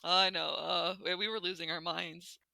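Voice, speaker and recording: A woman co-hosting a podcast in casual chat, giggly and quick to burst into high laughter. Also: little pitch movement, vocal fry, bright, forceful tone, no room sound. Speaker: podcast co-host.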